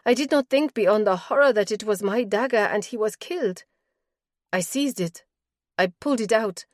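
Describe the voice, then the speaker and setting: A woman's voice: fairly low pitch, lively intonation, slow, no room sound, clean studio sound. A woman voicing a distraught young woman accused of murder, pleading in a raised, breathless way.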